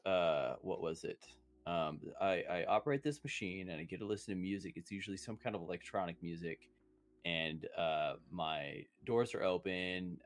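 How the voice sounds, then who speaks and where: A young man with a slight lisp co-hosting a podcast, rambling in crass, self-deprecating banter. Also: low-pitched. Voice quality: slight lisp without retainers. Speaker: podcast co-host. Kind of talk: casual podcast chat.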